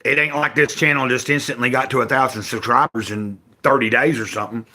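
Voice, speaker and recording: Broadcasting live from his home, this older Southern man from Tennessee rambles folksily to viewers and keeps correcting himself. He speaks a bit fast in a steady, mid-range voice that sounds pushed and bright.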